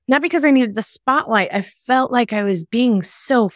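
Speaking at a normal speed in a fairly high voice, a middle-aged woman hosts a podcast and chats casually. She's a lively storyteller who voices the characters she quotes. The sound is clean studio quality without echo.

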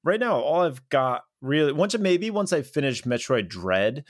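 A man's voice: fairly high pitch, very animated, unhurried, no echo, clean studio sound. A man co-hosting a podcast, easygoing and jokey, thinking aloud as he chats. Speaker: podcast co-host. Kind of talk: casual chat.

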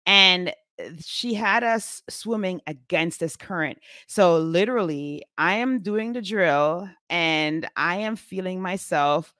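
A woman in her forties speaks in a lowish voice, chatty and animated as she tells a story to her viewers. She leans on lots of fillers. The sound is dry and close, with no echo. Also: slow. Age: 40s. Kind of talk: casual storytelling vlog.

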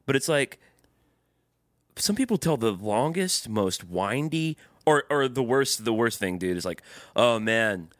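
A man's voice: medium pitch, very animated, measured pace, dry recording, clean studio sound. A man co-hosting a casual comedy podcast, ranting and joking with a mocking edge, laughing often and swearing freely. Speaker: podcast co-host.

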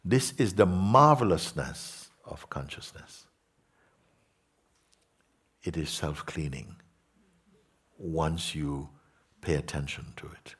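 Man, deep voice, husky, spiritual teacher, slow, soft-spoken, repetitive. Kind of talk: spiritual talk to listeners.

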